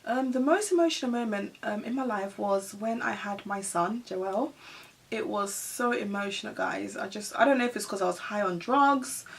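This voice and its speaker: Chatty woman vlogger, husky and distant. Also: mid-range voice, normal speed. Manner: chatty, laughs often, addresses viewers as guys. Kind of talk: casual Q&A tag video.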